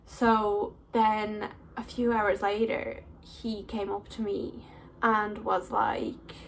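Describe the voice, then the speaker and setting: A woman's voice: medium pitch, flat delivery, slow, a little hiss or hum. Young woman, vlogger, chatty storytime delivery, filler-heavy, mid-range voice. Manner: chatty, many "like" fillers, laughs often. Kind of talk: casual storytelling.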